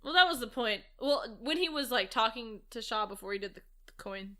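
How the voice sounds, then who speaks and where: Casual woman talking movies with a friend, kinda high voice, giggly. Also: lively intonation, a little fast, sharp tone. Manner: chatty, laughs often. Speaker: co-host.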